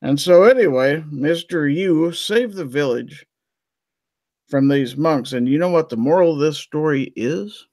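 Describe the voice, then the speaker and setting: A man's voice: on the high side, lively intonation, a little slow, a little mellow, dry recording. Folksy man telling jokes, "okay?" style. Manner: folksy storyteller, peppering lines with "okay?". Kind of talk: casual joke-telling chat.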